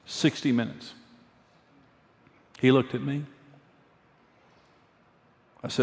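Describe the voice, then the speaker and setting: A man's voice: medium pitch, fairly even intonation, a little slow, pauses often. Earnest preacher man in a reverberant hall. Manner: earnest, candid storytelling, repeats phrases for emphasis. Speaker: pastor and marriage teacher. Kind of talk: sermon with personal stories.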